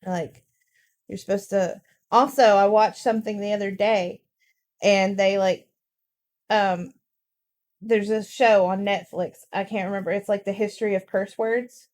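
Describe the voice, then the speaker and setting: A woman's voice: mid-range voice, measured pace, pauses often. A young adult woman co-hosting a casual podcast, talking bluntly and cussing without a second thought. She tells her stories freely, acting out the customers and the boss she quotes. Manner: blunt, profane storytelling with lively acted quotes. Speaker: podcast co-host. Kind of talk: casual chat.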